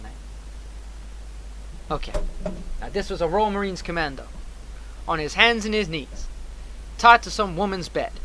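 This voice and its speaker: A man's voice: high-pitched, bright, forceful tone. A young man telling a rambling, profane story in casual talk, full of restarts and fillers.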